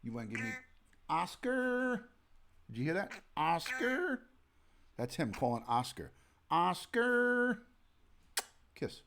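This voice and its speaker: A man's voice: medium pitch, expressive, very fast, hardly any pauses. A man in his forties with a New York accent, a retired detective hosting a rambling late-night live stream from home, chatting and greeting viewers by name. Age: 40s. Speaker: livestream host, retired detective. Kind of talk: casual live-stream chat.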